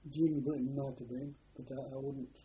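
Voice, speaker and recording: Faint hiss runs under this dull lo-fi archive recording of an older man who was a prisoner of war. Interviewed for an oral history, he rambles through his wartime past and repeats words as memories surface, speaking flatly at a moderate pace in a medium-pitched, breathy-edged voice.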